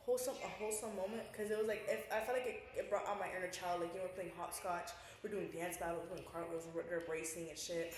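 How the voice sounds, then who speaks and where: A young woman co-hosting a podcast, telling a story in a rapid, slangy, animated way. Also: fairly low pitch, crowd noise. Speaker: podcast co-host. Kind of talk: casual chat, storytelling. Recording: very echoey room, faint noise.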